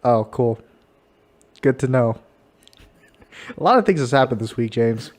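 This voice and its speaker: A man's voice: mid-range voice, expressive, a little slow, darkish tone. A young man hosting a casual podcast, joking around with a friend. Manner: jokey, puts on silly voices and laughs a lot. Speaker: podcast host. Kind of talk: casual chat.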